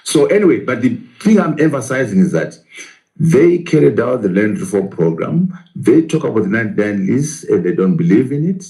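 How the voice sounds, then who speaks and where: Prof guy in an interview, mellow warm voice, keeps firing off questions and answering them. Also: mid-range voice, big pitch swings, normal speed, poor audio. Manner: emphatic, poses rhetorical questions and answers them. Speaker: professor interviewed as guest. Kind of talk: political interview.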